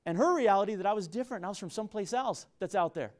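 Here a university business professor, a middle-aged man from the San Luis Valley of Colorado by his accent, delivers a public lecture to students. His high-pitched voice is animated and rapid-fire. He is earnest and repetitive, with frequent restarts.

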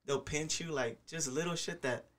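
A man's voice: fairly high pitch, normal speed, fairly bright tone. A man talking casually on a podcast about playing soccer, slangy and profane with lots of filler words. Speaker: podcast guest, soccer player.

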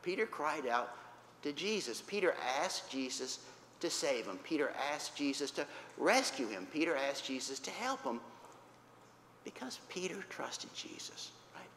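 A man's voice: a little high, sing-song, normal speed, a bit bright. A man teaching a Bible lesson to children, telling the story with animation, repeating points simply and checking in with "right?" and "okay?". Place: church hall. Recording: roomy reverberant hall, faint background noise.

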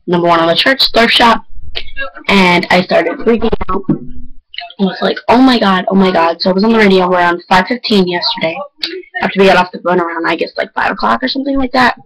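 An excitable teenage girl talks straight to her viewers in a loose, rambling vlog chat. Her voice jumps high when she gets worked up, and she strings thoughts together with lots of fillers. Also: brisk, poor audio. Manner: excitable, rambling storytelling with big pitch jumps. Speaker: vlogger.

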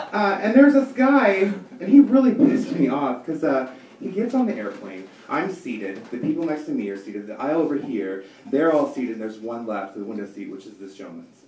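A man's voice: medium pitch, expressive, normal speed, slight background noise. A man in his thirties doing a stand-up comedy set, ranting in an exasperated, profane way. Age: 30s. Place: comedy club stage before a live audience. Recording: echoey room, distant mic, loud audience laughter.

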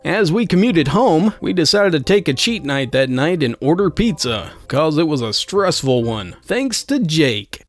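A man's voice: fairly high pitch, very animated, measured pace, few pauses, soft background music. Wry, sarcastic male storyteller. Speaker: story narrator. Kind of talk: scripted narration of an online story.

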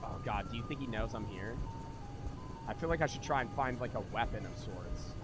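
A man's voice: lowish voice, lively intonation, fairly quick. A young man livestreaming a game, chatting casually with viewers and swearing freely as he plays. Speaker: streamer. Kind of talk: live gameplay commentary. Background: game music.

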